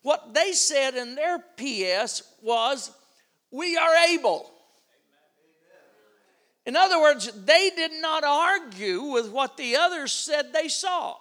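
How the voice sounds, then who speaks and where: A man's voice: extremely high pitch, animated, measured pace, hardly any pauses, sharp tone. A middle-aged man preaching a sermon, telling a family story and acting out its dialogue.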